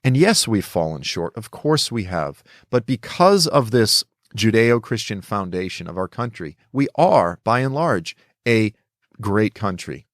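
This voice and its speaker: A man's voice: lowish voice, big pitch swings, unhurried, no room sound, studio quality. A middle-aged man from the United States giving impassioned political commentary, emphatic and preachy, raising his voice to act out quotes. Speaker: author and commentator.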